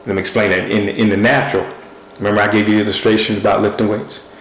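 A man's voice: fairly low pitch, flat delivery, fast. Earnest man preaching in an echoey room. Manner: emphatic repetition, earnest. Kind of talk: sermon.

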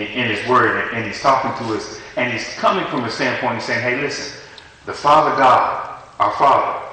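A man's voice: medium pitch, pushed and bright. A man preaching a sermon, talking animatedly and conversationally, often stopping and restarting his sentences. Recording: echoey hall from far off.

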